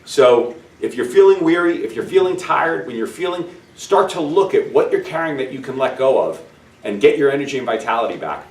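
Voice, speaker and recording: A man's voice: mid-range voice, animated, brisk. A man hosting a self-help show, telling a story in an upbeat, encouraging way and speaking straight to the viewer. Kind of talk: storytelling with a motivational message. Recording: roomy sound, distant mic, faint ambience.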